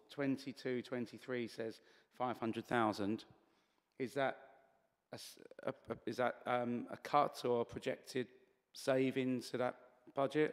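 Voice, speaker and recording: A man's voice: mid-range voice, in a large hall. A man questioning as a councillor at a committee meeting, hesitant and slightly losing his voice. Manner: hesitant, many fillers and restarts.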